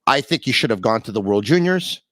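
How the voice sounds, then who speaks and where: A man's voice: medium pitch, lively intonation, fairly quick, a bit bright, dry recording. Podcast host man, dry close sound. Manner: self-deprecating, sets up questions. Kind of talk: conversational podcast hosting. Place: home basement.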